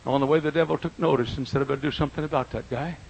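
An older man preaching a folksy sermon in a church, swinging from quiet asides to loud, drawn-out emphasis, with a husky voice. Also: fairly high pitch, steady tone, a little hiss or hum, low-quality recording. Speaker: pastor. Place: church auditorium.

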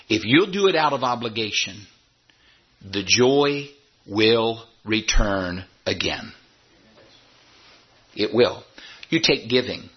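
A man preaching a sermon as pastor, emphatic, his voice jumping high when he imitates doubters. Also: breathy edge, dull audio.

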